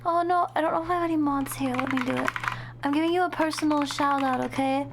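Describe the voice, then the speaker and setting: High-voiced, jumpy woman streamer. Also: fast talker, noisy background. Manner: excitable, jumpy, swears when startled; gushing to chat. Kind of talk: casual live-stream reaction chat.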